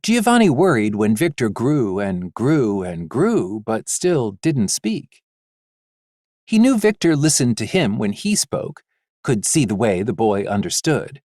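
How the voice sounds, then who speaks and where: A man reading a fantasy audiobook aloud, slow and measured. His pitch rises and falls lively through the story, in a dry, close recording. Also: dry recording. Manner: expressive, measured. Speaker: audiobook narrator. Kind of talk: scripted narration.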